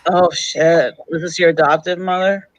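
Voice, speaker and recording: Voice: mid-range voice, fairly even intonation, moderate pace, a little hiss or hum. A co-host in casual chat who listens supportively and keeps the replies short. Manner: supportive listener, brief affirmations. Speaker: stream co-host. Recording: dull, lo-fi sound.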